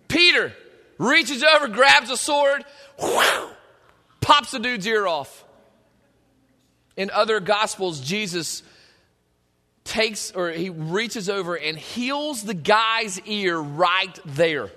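A man preaching a sermon, animated and joking, at times building up to shouting. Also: sits high, takes it slowly, pauses often. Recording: long hall reverb.

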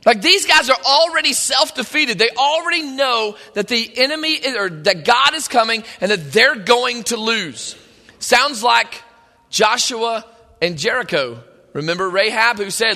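A man preaching a sermon, retelling a story in an animated, conversational way. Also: extremely high pitch, measured pace. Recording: long hall reverb.

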